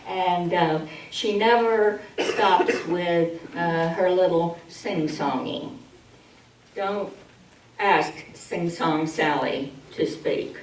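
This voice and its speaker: A woman presenting a public speaking workshop, slow, humorous and instructive, heard from a distance in an echoey hall. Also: on the low side, expressive. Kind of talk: public speaking training demo. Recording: distant mic in an echoey hall, faint hiss.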